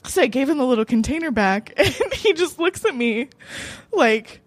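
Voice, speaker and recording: A woman's voice: high voice, normal speed, no echo. A young American woman hosting a live open mic at a cafe, telling a personal story with lots of laughter and swearing. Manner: laughing often, profane, animated.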